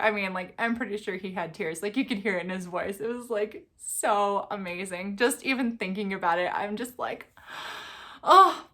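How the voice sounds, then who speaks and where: A young woman in a casual storytime vlog, telling her story in an animated way and acting out the quotes. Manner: animated storyteller, acts out quotes with big pitch jumps. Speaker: vlogger.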